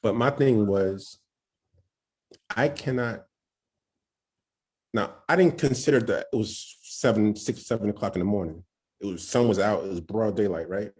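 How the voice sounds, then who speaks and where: A young man tells a personal story on a podcast. His voice sits low and a little husky. He talks with nervous excitement, says he is shaking, and acts out what other people said. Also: normal speed, long pauses. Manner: excited, acts out quoted voices, frequent "right?". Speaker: podcast guest. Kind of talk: storytelling testimony.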